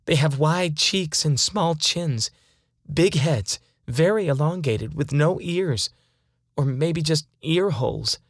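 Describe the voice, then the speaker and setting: A woman's voice: sits low, expressive, takes it slowly, husky, no echo, clean studio sound, full character voice. A woman playing a frightened, defiant abductee. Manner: fearful pleading turning to angry defiance. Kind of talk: dramatized first-person account.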